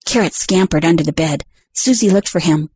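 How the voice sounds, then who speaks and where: A woman narrating a children's storybook in an expressive, animated reading. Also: lowish voice, fairly quick, noisy background.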